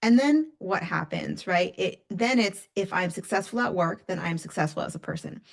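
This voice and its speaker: A woman's voice: lowish voice, big pitch swings, normal speed, creaky. A woman who works as a coach, talking emphatically in a casual podcast conversation and speaking straight to listeners.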